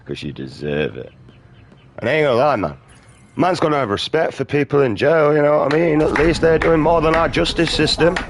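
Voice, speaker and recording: A man's voice: fairly high pitch, animated, a little fast, noisy background. A British man giving casual, profane, ranting commentary while playing a video game. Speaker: gaming streamer. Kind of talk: casual commentary over gameplay.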